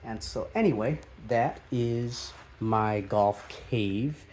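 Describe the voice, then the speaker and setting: A man showing around his backyard golf simulator shed in a casual, halting way, full of fillers and restarts. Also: mid-range voice, fairly even intonation, a little hiss or hum. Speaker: golf vlogger. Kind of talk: casual home tour.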